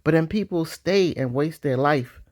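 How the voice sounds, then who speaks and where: A man giving casual, animated commentary with slang, often jumping into mocking voices. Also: moderate pace. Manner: animated, slangy, jumps into high-pitched mock voices. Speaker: vlogger.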